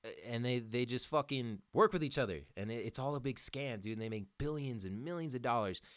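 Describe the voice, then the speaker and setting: Worked-up young man, lively swearing rant. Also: mid-range voice, no echo, studio quality. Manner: heated, profane, says "dude" a lot. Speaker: podcast host. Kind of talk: casual profane monologue, reading articles aloud.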